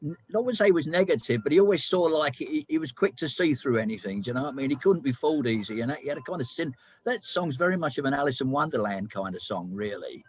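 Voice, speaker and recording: A man's voice: a little high, animated, fast talker, hardly any pauses, slightly rough. A man in casual chat on a video call, explaining things eagerly as a musician sharing songs.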